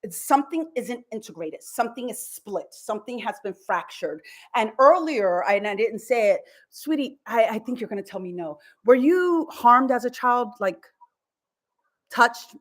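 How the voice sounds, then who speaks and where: A woman's voice: medium pitch, lively intonation, moderate pace. Woman, psychic reader; soothing, casual, a bit profane, mid-range voice. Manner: soothing, calls caller sweetheart, guided meditation; swears casually. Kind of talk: live-streamed energy reading.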